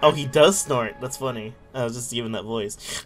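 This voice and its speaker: A man's voice: mid-range voice, moderate pace, few pauses, a bit bright, faint music behind. A man streaming a game, making jokey, laughing asides between reading lines. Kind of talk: let's play commentary.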